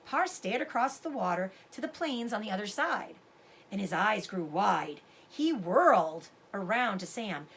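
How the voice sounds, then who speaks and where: A woman teacher reading a chapter book aloud to her students, expressive and stopping to explain words. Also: medium pitch, measured pace, breathy edge.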